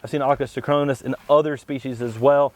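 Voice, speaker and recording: A man co-hosting a plant show, explaining tree varieties in a steady, knowledgeable way. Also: medium pitch, fast talker. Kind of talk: informative product talk.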